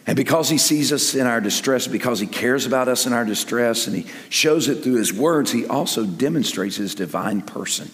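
An older man preaching a sermon in an animated way, dropping to near-whispers and then rising to loud emphasis. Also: medium pitch, normal speed, hardly any pauses. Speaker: pastor. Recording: echoey hall with long reverb.

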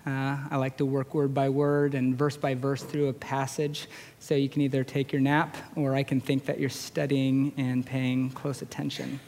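A man in his forties with a high-pitched voice, a chaplain preaching a storytelling sermon in a conversational, self-deprecating way. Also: completely flat delivery, moderate pace, a little mellow, slight background noise. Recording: long reverb of a large hall.

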